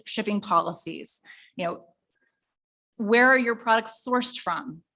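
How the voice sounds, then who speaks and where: A woman's voice: mid-range voice, a bit bright. Woman, workshop presenter, conversational, upbeat, asks the audience questions.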